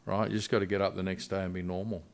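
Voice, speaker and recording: Man, middle-aged, very low voice, earnest, halting storyteller, podcast guest. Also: level tone, creaky. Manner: earnest, halting retelling with frequent restarts. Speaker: missionary guest. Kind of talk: personal storytelling in a podcast interview.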